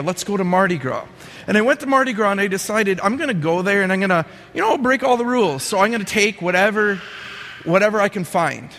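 A man's voice: sits high, long reverb tail. A young man telling a personal testimony in an earnest, vivid storytelling way. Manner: earnest, vivid storytelling with lively quoted inner thoughts. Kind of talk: personal testimony, told to an audience.

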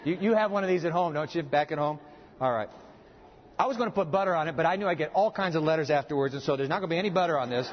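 Preacher, male, high folksy voice, long hall reverb, slightly muffled. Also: fast, slight background noise. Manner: folksy, animated, jokes with the audience. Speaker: pastor. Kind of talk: sermon with live demonstration. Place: church hall with audience.

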